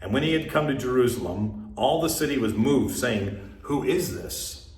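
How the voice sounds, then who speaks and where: A man reads scripture aloud in a calm, measured way, with small pauses between phrases. His voice sits at a middle pitch. The recording carries a noticeable roomy echo. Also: distant mic. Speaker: scripture reader.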